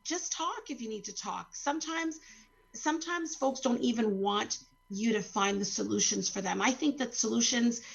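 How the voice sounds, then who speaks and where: A woman guest on a panel discussion over a video call, speaking gently and hesitantly with many fillers. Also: a little high, moderate pace, vocal fry, breathy edge, muffled recording.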